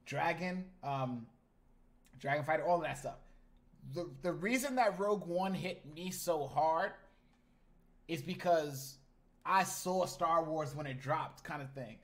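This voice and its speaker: A man in his thirties chatting casually on a live stream, animated and slangy, talking straight to his chat. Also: on the high side, a little slow.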